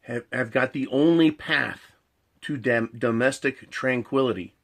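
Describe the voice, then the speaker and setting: A man's voice: mid-range voice, measured pace, a bit bright. A man ranting in a monologue. He swears a lot, repeats his points, builds long analogies and keeps asking "right?". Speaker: commentator.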